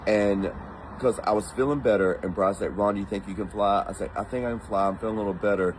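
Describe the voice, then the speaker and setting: Man, from the United States, casual storytelling, animated, acts out quotes, lowish voice. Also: quick pace, noisy background.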